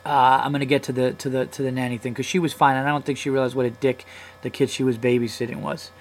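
A man's voice: medium pitch, quick pace, slight background noise, poor audio. A man in his thirties hosting a comedy podcast, telling a long story in a casual, profane, heated way. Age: 30s. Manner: profane, heated, animated retelling.

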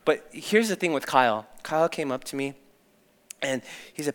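A young man preaches with a bright, forceful edge, telling personal stories in a candid and animated way. His voice sits a little high for a man. A long reverb trails each phrase, as from a big church hall. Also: normal speed. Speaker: youth pastor. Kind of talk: sermon.

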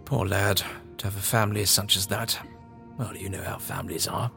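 A man playing a coaxing old doctor, deep and gravelly. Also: steady tone, moderate pace. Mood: wistful. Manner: soft-spoken, coaxing. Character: scheming old male doctor, smooth and persuasive. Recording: long reverb, faint music behind.

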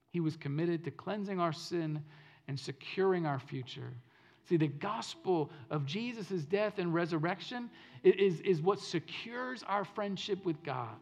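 A male pastor preaching a sermon in an earnest way, repeating phrases for emphasis and telling stories, swinging from loud to hushed. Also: high-pitched, animated, measured pace. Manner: storytelling delivery that swings between loud and hushed.

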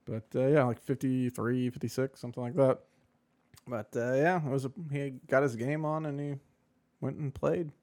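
A man's voice: mid-range voice, fairly even intonation, normal speed, darkish tone. A man co-hosting a podcast in casual chat, rambling and sarcastic with many fillers. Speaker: podcast co-host.

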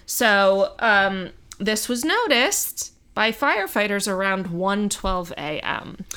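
A woman hosting a podcast, retelling events in a casual, conversational way and acting out quotes with lively asides. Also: medium pitch, takes it slowly, clean tone. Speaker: podcast host.

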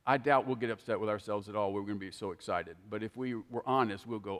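An older man preaching a sermon, telling folksy stories in an animated, heartfelt way. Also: on the low side, fast, big-room sound. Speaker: pastor.

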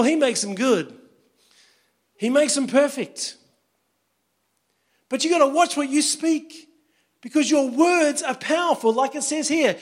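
A man preaching a sermon in a very high voice. He is chatty and tells funny stories as he goes. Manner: conversational, storytelling with humor. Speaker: pastor.

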